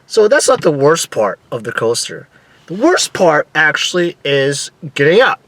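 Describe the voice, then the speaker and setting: A young man casually telling a story in an excitable, animated way, swearing now and then and acting out his own screams. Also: medium pitch, fairly quick, no echo. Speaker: vlogger.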